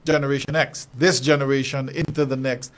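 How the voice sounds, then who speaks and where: A man's voice: mid-range voice, level tone, a little fast. Hesitant male radio host. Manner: hesitant, repeats words, encouraging. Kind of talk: radio interview. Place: radio studio.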